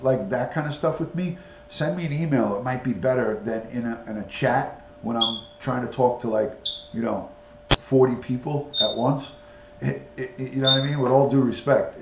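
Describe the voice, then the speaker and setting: A man's voice: mid-range voice, echoey room, heavy background noise. A man hosting a casual live stream, chatting with viewers and coaxing his parrot to talk.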